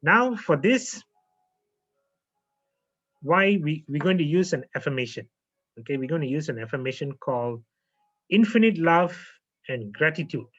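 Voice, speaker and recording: Calm man guiding a breathing exercise. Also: a little high, soft background music. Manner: calm, slow, repeats phrases with frequent okays. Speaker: naturopath and yoga teacher. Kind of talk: guided relaxation lesson. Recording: muffled lo-fi audio.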